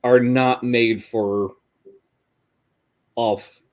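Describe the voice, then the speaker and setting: A man co-hosting a casual chat, chiming in with short agreements and halting, restarted remarks. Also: medium pitch, steady tone.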